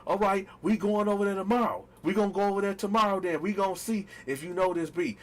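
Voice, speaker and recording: A man's voice: high-pitched, fast talker, lightly acted. A man voicing his upset young girlfriend, who is firing pointed, accusing questions at him. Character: upset young woman accusing her cheating boyfriend.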